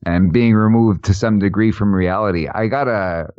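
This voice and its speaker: A man hosting a casual podcast chat, joking and laughing often, with halting restarts. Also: on the low side, no echo, highs cut off. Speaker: podcast host.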